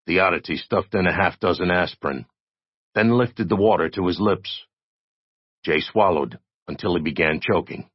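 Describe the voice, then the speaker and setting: A man reading a story aloud in a steady, expressive narration. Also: deep voice, husky, no room sound, lo-fi sound. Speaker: audiobook narrator. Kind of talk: scripted narration.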